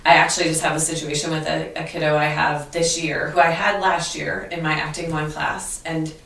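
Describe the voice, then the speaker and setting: An earnest female teacher, appearing as an interview guest, tells stories animatedly and often restarts her sentences. Her voice is deep, brisk and creaky, picked up by a distant mic in an echoey room.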